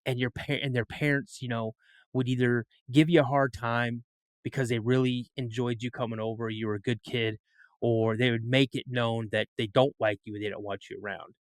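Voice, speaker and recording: A man's voice: medium pitch, steady tone, moderate pace, no room sound. A middle-aged man telling a story as a podcast guest, rambling and often repeating and restarting his words. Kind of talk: storytelling in an interview.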